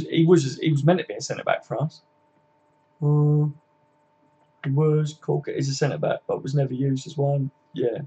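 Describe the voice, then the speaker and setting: Sweary bloke chatting footy on a live stream, bit husky, kinda muffled lo-fi mic. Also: male voice, a little high, a little mellow. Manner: chatty, sweary, laughs often, answers viewers by name. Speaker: livestream host. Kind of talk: casual live chat reading viewer comments.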